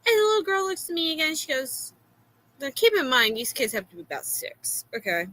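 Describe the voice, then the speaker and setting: A woman with a Florida accent telling a story in a casual, exasperated way, filling pauses with "uh". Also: high voice, low-quality recording. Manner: animated, exasperated, many "uh" fillers.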